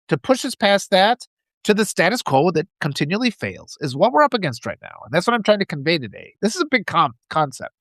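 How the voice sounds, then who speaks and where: A man's voice: high-pitched, a bit bright, no echo. A man hosting a live stream, giving impassioned political commentary and reading out viewer comments, with frequent restarts.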